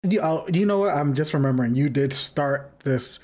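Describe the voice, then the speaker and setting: A podcast co-host in a casual chat who reacts a lot, laughs often and throws in sharp exclamations. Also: mid-range voice, normal speed.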